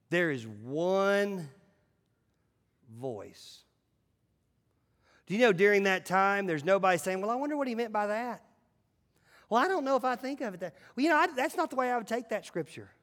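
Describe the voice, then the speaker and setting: A male pastor preaching a sermon in a church, emphatic, swinging between loud calls and hushed asides. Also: a little high, in a large hall. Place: church sanctuary.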